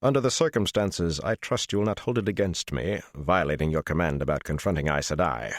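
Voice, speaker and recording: A man reading an audiobook, voicing a menacing man who speaks softly, steely and wry. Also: extremely low pitch, lively intonation, a little fast, dry recording, clean studio sound. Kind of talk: audiobook character voice.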